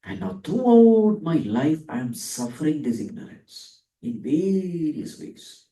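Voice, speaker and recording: The teacher's warm, fairly high voice swings widely in pitch as he delivers a Vedanta discourse. Asking questions only to answer them, he dwells slowly on Sanskrit terms; the mic is distant and the room echoes.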